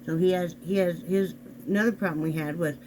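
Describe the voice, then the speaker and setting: A man's voice: high-pitched, steady tone, fairly quick, darkish tone, a little hiss or hum, poor audio. A man chatting casually to his viewers from a home bedroom, rambling and talking straight to the camera. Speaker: vlog host. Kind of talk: casual chat. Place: home bedroom, sitting on the bed. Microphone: camera on a desk.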